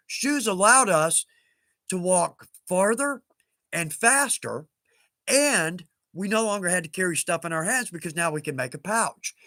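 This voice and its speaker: A folksy middle-aged man chats his way through a live stream. His voice sits fairly high and comes across bright and lively. The sound is close and dry. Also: dry recording. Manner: chatty, folksy, laughs often. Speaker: livestream host. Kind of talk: casual livestream chat.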